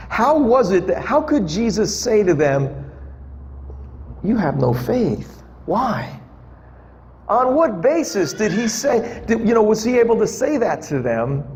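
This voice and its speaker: A man preaching in a relaxed, conversational way, asking the congregation questions and joking with them. His voice sits a little high for a man and rings with a long hall reverb. A faint hum of background noise runs underneath. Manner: chatty, jokes with the congregation, asks them questions. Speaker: pastor. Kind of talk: conversational sermon. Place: church hall with a live audience.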